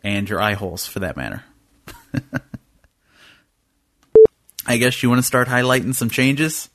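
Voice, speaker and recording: A man's voice: mid-range voice, expressive, a little slow, a bit bright, no room sound, studio quality. A man hosting a casual podcast, joking and laughing easily as he steers the talk. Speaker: podcast host.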